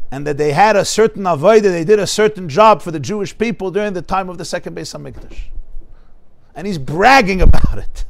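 High-voiced man teaching a lively class. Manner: animated storytelling, acts out dialogue; explains Hebrew terms with rhetorical questions. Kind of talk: Torah class lecture. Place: study hall in front of a live class.

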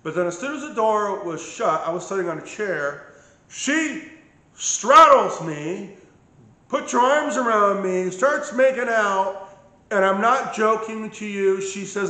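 A man's voice: high-pitched, animated, unhurried, pushed and bright, reverberant. A man telling his own story of medical mistreatment in a casual, emphatic way, often checking in with "okay?". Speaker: patient recounting his medical ordeal. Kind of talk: casual personal account.

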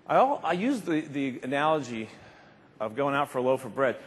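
A middle-aged man giving an animated, emphatic motivational keynote speech, acting out little scenes along the way. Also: mid-range voice, brisk. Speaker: keynote speaker. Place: large convention hall. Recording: reverberant hall, faint background noise.

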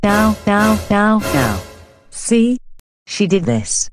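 A woman's voice: mid-range voice, very animated, extremely slow, over music. A woman voicing an irritated young woman who snaps back in broken phrases.

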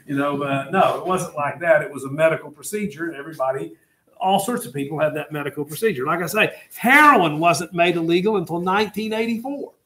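Lecturing his class, an older history teacher rambles and jokes while telling stories and turning to his students. His voice is a little high, a little fast, bright and forceful.

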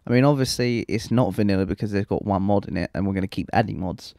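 A man's voice: on the low side, fast talker, creaky, warm tone, no echo. Rambling young man, dry close mic. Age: young adult. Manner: rambling, self-mocking, swears freely. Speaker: let's play host. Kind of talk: casual gameplay commentary.

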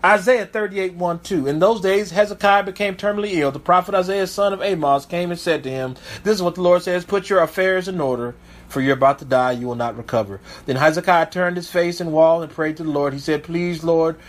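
A man's voice: high voice, brisk. A man preaching as a pastor, reading Bible verses aloud and breaking off to comment with emphatic asides. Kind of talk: sermon with scripture reading.

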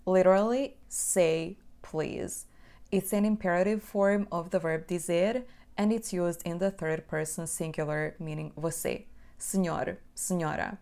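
Portuguese-accented woman, language tutor, smooth resonant voice, slow model repetitions. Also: fairly low pitch, darkish tone. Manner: explains plainly, then repeats phrases slowly to demonstrate. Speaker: Portuguese teacher. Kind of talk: language lesson.

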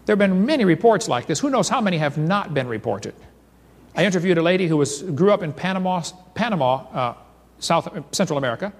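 Man, seminar speaker, fairly high voice, lively storyteller, long hall reverb. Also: quick pace. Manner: animated storyteller reading accounts aloud.

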